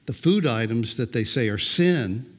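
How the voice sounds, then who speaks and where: A man's voice: medium pitch, lively intonation, measured pace. An older man preaching a sermon as pastor, talking in a loose conversational way and often repeating words as he goes.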